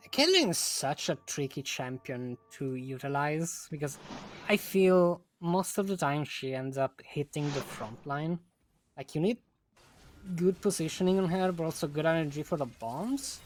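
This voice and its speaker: A woman providing color commentary for a live esports tournament. Her voice sits low and she stays laid-back, laughing easily while unpacking the strategy. A faint background hum sits under the mic. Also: expressive, unhurried. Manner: laid-back, giggly, analytical asides. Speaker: co-caster.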